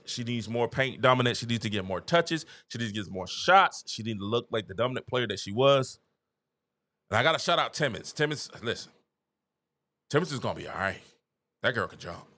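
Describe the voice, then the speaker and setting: A man's voice: medium pitch, sharp tone. A man hosting a basketball show, talking casually and animatedly and laughing at his own jokes. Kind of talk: casual sports commentary.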